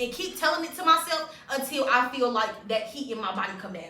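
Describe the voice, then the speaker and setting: A young woman talks animatedly on a podcast, her bright voice riding high. The sound is roomy, with her sitting some way from the mic. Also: quick pace, distant mic. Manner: animated, repeats affirmations to herself. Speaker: podcast co-host. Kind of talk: casual chat.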